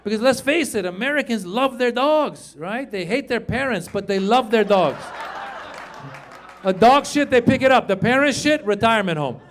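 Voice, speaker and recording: A middle-aged man from Iran performing a stand-up routine, telling stories with animated delivery and sudden shouted punchlines. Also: very high voice, normal speed, some chatter behind, a little hiss or hum. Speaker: stand-up comedian.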